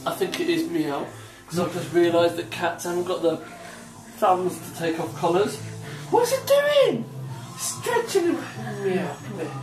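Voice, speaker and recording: A man's voice: a little high, level tone, moderate pace. A man playfully grilling a pet cat in a mock interrogation, drawing out his questions and laughing between them. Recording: roomy home video from a distance, faint music.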